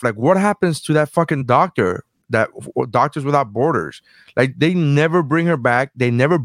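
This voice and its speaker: Swearing, animated man co-host. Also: medium pitch, no echo, studio quality. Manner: animated, swears freely, trails off. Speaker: podcast co-host. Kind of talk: casual chat.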